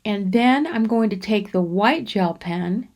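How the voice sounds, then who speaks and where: A woman hosting a crafting channel, talking through a coloring demonstration in an unhurried, rambling way with frequent ums and restarts. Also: medium pitch, animated, darkish tone. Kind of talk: relaxed coloring demonstration voice-over.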